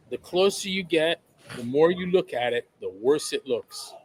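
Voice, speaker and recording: A man's voice: fairly high pitch, expressive, unhurried, husky. A man speaking as a podcast guest in a blunt, emphatic way, swearing freely. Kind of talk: conversational interview.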